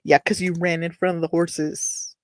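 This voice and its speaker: A woman's voice: fairly low pitch, little pitch movement, normal speed, a little mellow, no room sound. A woman from Texas reading a novel aloud on her show, breaking off to ramble, apologize and make wry asides, close to a desk webcam at home. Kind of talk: casual read-along with commentary.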